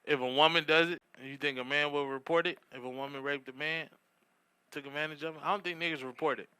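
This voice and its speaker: Male co-host, mid pitch, crisp and bright tone, relaxed joking banter, dry close mic. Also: quick pace, no echo. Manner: loose, joking, profane. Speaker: podcast co-host. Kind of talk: casual comedic banter. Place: podcast studio.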